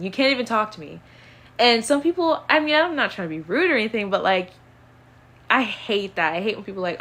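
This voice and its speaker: A young woman casually answering would-you-rather questions on her own channel, chatty and animated, with plenty of fillers. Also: medium pitch, fairly quick. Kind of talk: casual chat.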